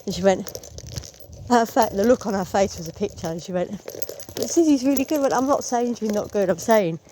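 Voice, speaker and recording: A woman's voice: mid-range voice, brisk, noisy background. A woman telling a rambling, opinionated story as a theatre fan vlogger. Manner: chatty, opinionated, rambling with asides. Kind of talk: casual storytelling vlog.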